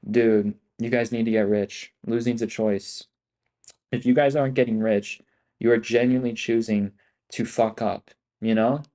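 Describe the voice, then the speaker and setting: A man's voice: medium pitch, fairly even intonation, normal speed, dark tone. A man hosting a livestream as an options trader, talking in a hyped, profane, slangy way and repeating himself a lot. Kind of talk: casual livestream talk.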